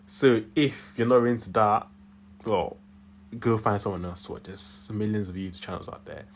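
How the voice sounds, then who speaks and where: On the low side and at normal speed, a young man's voice carries a Yorkshire accent flavored with Nigerian as he hosts his channel alone from his room. He rambles and chuckles often, over a slight hiss or hum.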